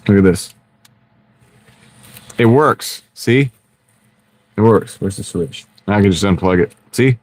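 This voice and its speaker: A man's voice: lowish voice, takes it slowly, pauses often, darkish tone. A man hosting a casual live stream from his car, rambling and joking with viewers, often breaking into laughter, on a wireless clip-on mic. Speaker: livestream host chatting with viewers. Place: inside a car. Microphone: wireless clip-on microphone.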